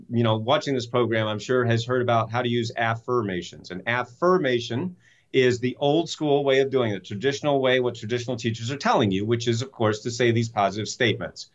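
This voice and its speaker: A man's voice: mid-range voice, fairly quick, lo-fi sound. A man speaking as an interview guest, telling a story with enthusiasm and emphatic rhetorical questions. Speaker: guest, self-help author and speaker.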